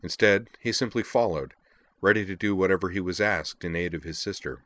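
A man reading a novel aloud in measured, even storytelling narration. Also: low-pitched, no echo. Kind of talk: audiobook narration.

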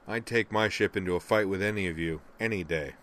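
Male narrator as a steady senior admiral, low and quiet, audiobook. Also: brisk. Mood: approving. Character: calm, warm older male admiral mentor.

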